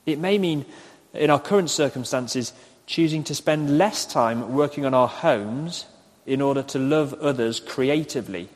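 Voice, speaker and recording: A man preaching a recorded sermon, speaking slowly and repeating his questions for listeners to write down. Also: mid-range voice. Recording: echoey hall with long reverb.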